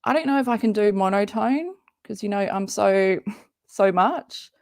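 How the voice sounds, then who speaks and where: Gravelly, slow-talking woman streamer. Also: medium pitch, lively intonation, darkish tone, dry recording, studio quality. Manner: swearing, rambling, self-interrupting, laughing. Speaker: reaction streamer. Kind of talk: casual live reaction commentary.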